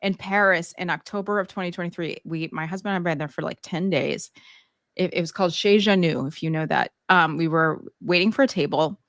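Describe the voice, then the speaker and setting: A woman's voice: fairly low pitch, fairly bright tone, no echo, clean studio sound. A woman co-hosting a casual political chat from New York, telling anecdotes and acting out quotes. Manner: storytelling, acts out quotes. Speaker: podcast co-host.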